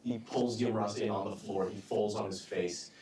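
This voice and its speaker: A man's voice: lowish voice, steady tone, normal speed, a crowd in the background. A man hosting and narrating a tabletop game as game master, telling the action vividly with punchy sound effects. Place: live stage show. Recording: echoey live stage with audience from a distance.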